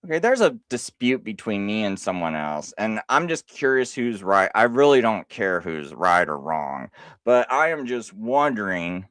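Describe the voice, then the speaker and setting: A man hosting a live stream, talking casually and insistently, with halting restarts as he argues a point. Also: fairly low pitch, big pitch swings, fairly bright tone, smooth, no echo, clean studio sound.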